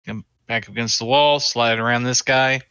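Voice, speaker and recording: A gravelly, bright-edged man at a tabletop game, blunt and excitable with plenty of swearing. His pitch jumps around a lot. He comes through muffled and a bit distant. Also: normal speed, dry recording. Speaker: player. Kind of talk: casual tabletop play.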